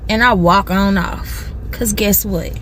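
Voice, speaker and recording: A woman telling an animated story to her phone from a parked car, acting out other people's voices. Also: mid-range voice, slow pace, slight background noise. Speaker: social media storyteller. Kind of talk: storytime video.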